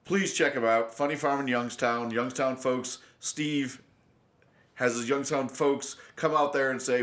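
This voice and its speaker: A man hosting a casual podcast, blunt and profane. He talks in an animated way and gets worked up as he makes his point. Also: medium pitch, unhurried. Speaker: podcast host.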